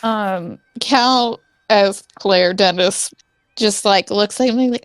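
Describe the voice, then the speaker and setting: A woman player at a tabletop game, swearing freely and tossing off fast mocking asides. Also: medium pitch, dry recording. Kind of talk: casual chat at a tabletop game.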